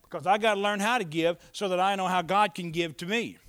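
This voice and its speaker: A preacher with a high, bright, ringing voice delivers his sermon. He swings from hushed, chuckling asides to loud, emphatic declarations and calls on the congregation for amens. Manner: preaching with call-and-response, swinging between soft asides and loud emphatic lines. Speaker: pastor.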